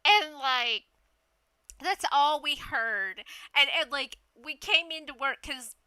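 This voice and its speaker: A woman telling a story casually, animated and laughing, swearing freely. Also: high-pitched, takes it slowly, dry recording.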